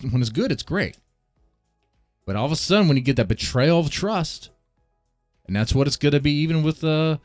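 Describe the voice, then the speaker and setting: A man's voice: medium pitch, no room sound. A man hosting a casual live stream, ranting bluntly and laughing often as he comments. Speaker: streamer host.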